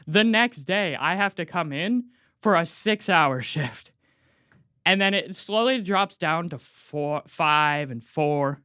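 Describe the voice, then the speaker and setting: Animated teenage guy telling a story. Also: a little high, smooth, dry recording, studio quality. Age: teens. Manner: animated, acts out dialogue with quick voice shifts. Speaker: student storyteller. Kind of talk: casual personal story.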